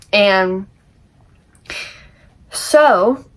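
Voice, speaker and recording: A woman's voice: lowish voice, a little slow, long pauses. A teenage girl giving a casual, chatty book summary for a class project, full of fillers and laughter. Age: teens. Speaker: student.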